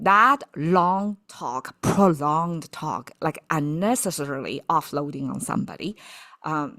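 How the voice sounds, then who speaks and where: A woman's voice: low-pitched, fairly bright tone. A woman teaching characters in a casual, explanatory way, thinking aloud and often checking in with "okay" and "right". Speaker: Chinese vocabulary teacher.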